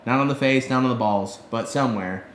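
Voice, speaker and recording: A man co-hosting a podcast, telling stories in a casual, profane, animated way. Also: mid-range voice, a little fast, roomy sound, a little hiss or hum. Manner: profane, animated storyteller, heavy swearing. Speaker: podcast co-host. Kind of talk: casual storytelling chat.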